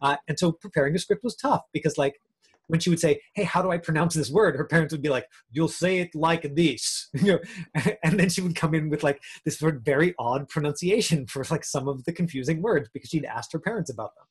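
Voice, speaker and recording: A man's voice: a little high, fast talker, husky. A man teaching an acting class over a video call, in a chatty way with lots of fillers. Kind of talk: casual online class talk.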